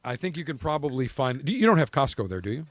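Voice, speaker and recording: A man's voice: medium pitch, big pitch swings, fast, no echo. A man hosting a podcast in casual banter, blunt and teasing, with a mock-military swagger. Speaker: podcast host.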